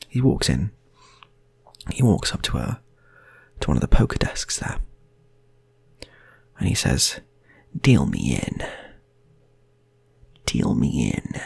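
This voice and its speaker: With a low, gravelly, husky voice and no room sound, a man improvises comic stories. He rambles playfully and frequently restarts his sentences.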